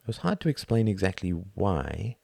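A man narrating a novel as an audiobook in a measured, expressive reading. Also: sits low, creaky, breathy edge, dry recording, clean studio sound.

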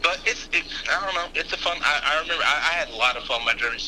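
Man, casual rambling talk, very bright voice, slight background hiss. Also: fairly high pitch, expressive, fast, poor audio. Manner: rambling, with many fillers and restarts. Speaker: podcast guest. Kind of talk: casual conversation.

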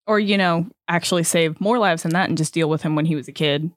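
Her voice sits on the low side and comes quickly, recorded cleanly in a studio with no room sound. She's a young podcast co-host who swears and laughs through casual chat and stumbles as she reads a story aloud.

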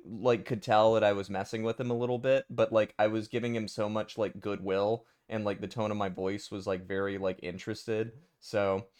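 A man's voice: lowish voice, smooth. A man co-hosting a casual podcast chat, rambling with many fillers.

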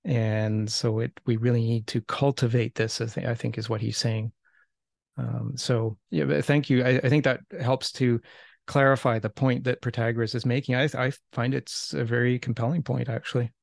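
Man, discussion leader, gravelly, flat delivery, dry close sound, thoughtful restarts. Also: mid-range voice, dry recording. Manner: thoughtful, measured, with repeated restarts. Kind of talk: casual seminar discussion.

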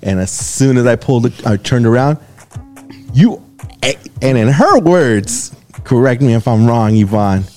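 A man co-hosting a radio show, telling a funny story in a casual, animated way, laughing often. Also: medium pitch, unhurried, faint music behind.

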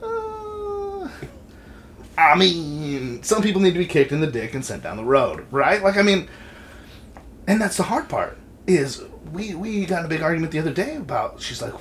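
A man in his thirties talks in a loose, profanity-laced chat, his pitch bouncing around as he tells his stories. His voice sits a bit high for a man, and a faint hiss of background noise hangs under the recording. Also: moderate pace. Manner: animated, swears freely. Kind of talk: casual chat.

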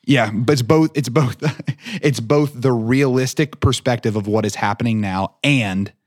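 A man's voice: mid-range voice, moderate pace. A man co-hosting a faith podcast, reflecting thoughtfully on church and discipline. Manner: reflective, affirming with frequent murmurs. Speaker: podcast co-host. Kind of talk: casual faith conversation.

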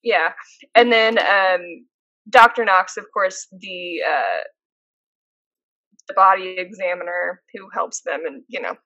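A woman's voice: fairly low pitch, slow, long pauses, pushed and bright, no echo, lo-fi sound. A woman co-hosting a podcast, chatting casually and telling stories with lots of fillers. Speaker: podcast co-host. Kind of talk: casual chat.

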